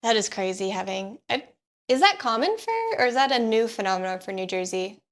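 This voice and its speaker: Chatty woman, a little high-pitched. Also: animated, a little fast. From California. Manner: chatty, laughs often. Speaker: co-host. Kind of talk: casual chat on a live stream.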